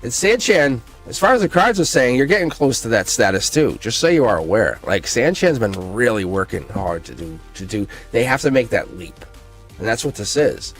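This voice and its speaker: A man hosting a casual live-stream tarot reading, excitable, laughing often and swearing freely. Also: medium pitch, normal speed, husky, faint music behind.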